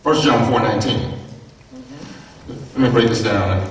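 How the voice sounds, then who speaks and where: A man's voice: mid-range voice, normal speed. Male pastor, emphatic sermon delivery, distant mic in a roomy hall. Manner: emphatic preaching with rising repeated phrases and questions to the congregation. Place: church sanctuary. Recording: echoey church heard from a distance.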